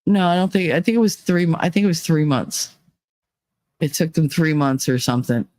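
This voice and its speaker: A woman's voice: deep voice, animated, a little fast, a little mellow, dry recording. Blunt, foul-mouthed middle-aged woman. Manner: candid, profane storytelling, acting out quoted people. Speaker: livestream host. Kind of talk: casual chat.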